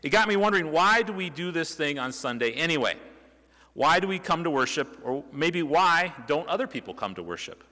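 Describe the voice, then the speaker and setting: A man's voice: on the high side, big pitch swings, brisk, pushed and bright. A young man preaching a sermon in a church, talking in a conversational way with rhetorical questions and restarts. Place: church sanctuary. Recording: reverberant church hall.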